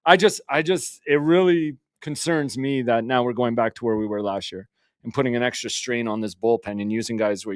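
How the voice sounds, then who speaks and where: Casual sports co-host. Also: male voice, fairly low pitch, dry recording, studio quality. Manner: conversational, quick to laugh.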